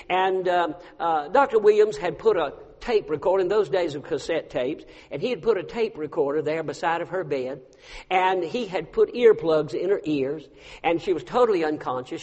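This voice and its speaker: A man preaching a sermon and telling stories, swinging from hushed to loud. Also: sits high, lo-fi sound. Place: church sanctuary. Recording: long reverb of a large hall.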